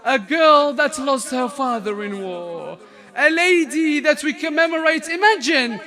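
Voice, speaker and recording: A man preaching a mourning sermon, impassioned, breaking into shouted and chanted lament. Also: very high voice, lively intonation, measured pace.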